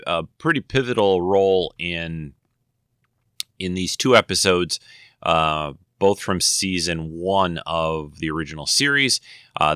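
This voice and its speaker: A man's voice: low voice, pushed and bright, smooth, no room sound, studio quality. A man hosting his own podcast, chatting casually and rambling with many fillers and self-corrections. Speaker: podcast host. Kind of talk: casual chat.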